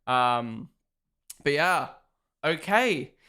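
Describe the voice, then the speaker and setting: A young man talking casually to his live stream audience from a room at home. He is excitable and chatty and swears freely. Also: a little high, drawn-out words, clear, resonant tone. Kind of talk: casual live watch-along commentary.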